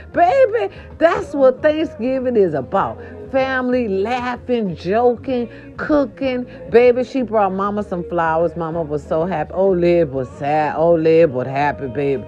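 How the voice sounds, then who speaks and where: Sassy animated woman telling a story. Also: fairly high pitch. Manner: animated, sassy, talks to viewers as "baby". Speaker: vlogger. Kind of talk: casual storytelling to viewers. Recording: dull lo-fi sound with faint music behind. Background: faint music.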